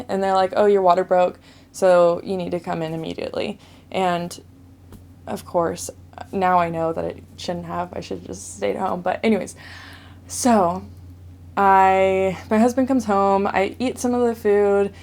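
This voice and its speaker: A woman's voice: medium pitch, darkish tone. A young woman casually telling her own birth story to camera, chatty and filled with "like" as she relives a hard labor. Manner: chatty, says "like" often, relives distress.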